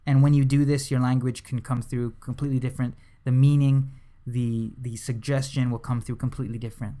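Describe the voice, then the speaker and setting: A young man teaching hypnosis in a relaxed, conversational way, with frequent fillers and restarts. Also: mid-range voice, a little fast. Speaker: hypnosis instructor. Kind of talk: casual instructional talk to camera.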